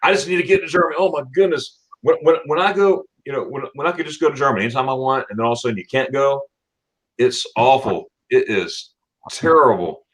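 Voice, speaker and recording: Man, live-stream host, casual chat, middle pitch, stammers, repeats words, laughs a lot. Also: quick pace, a bit bright, low-quality recording. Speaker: channel host.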